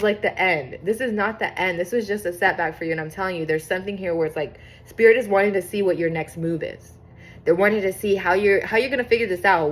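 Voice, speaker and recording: Chatty young woman giving a tarot reading. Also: fairly low pitch. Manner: chatty, excitable, swears freely, reads cards aloud. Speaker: tarot reader. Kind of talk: casual tarot reading to camera.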